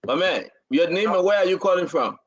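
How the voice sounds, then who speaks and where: A man hosting a call-in talk show. He talks bluntly and orders callers around. His voice sits high. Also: animated, fairly quick, lo-fi sound. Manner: blunt, bossy toward callers. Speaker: host.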